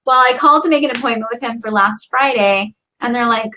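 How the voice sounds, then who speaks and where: Bright, chatty woman podcast host. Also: on the high side, fast talker, a little hiss or hum. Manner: chatty storyteller with frequent likes and you knows. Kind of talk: casual chat.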